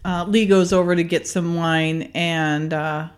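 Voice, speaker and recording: A woman's voice: on the low side, fairly even intonation, unhurried. A woman hosting a podcast, casually recapping a TV episode, chatty with frequent fillers and laughter. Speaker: podcast host.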